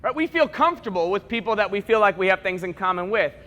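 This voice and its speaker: A man giving a playful, joking speech at a school assembly, acting out quick bits of dialogue in his stories. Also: high-pitched, animated, sharp tone, highs cut off. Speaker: motivational speaker. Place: large school assembly hall. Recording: echoey hall with long reverb.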